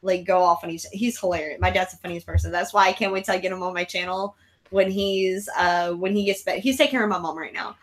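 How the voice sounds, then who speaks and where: A woman hosting a live casual chat, telling rambling, excitable stories. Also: on the low side, fast. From raised abroad in military families. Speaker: host of a live horror chat show.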